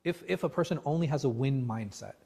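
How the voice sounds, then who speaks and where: A man leading a religious class discussion as imam, animated and full of rhetorical questions, often restarting his words. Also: mid-range voice, quick pace, slightly rough. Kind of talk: interactive religious class talk. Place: mosque class room.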